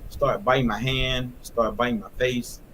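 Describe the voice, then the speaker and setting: Plain mid-pitched man telling a story. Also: fairly even intonation, a bit bright, a little hiss or hum. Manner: plain, halting with fillers. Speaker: guest. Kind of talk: casual storytelling.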